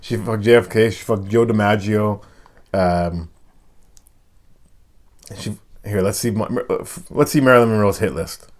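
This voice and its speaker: 気さくに毒舌を交えて話す男性ホスト. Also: male voice, on the low side, normal speed, pauses often. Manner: loose, joking, swears freely. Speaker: podcast host. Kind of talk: casual chat.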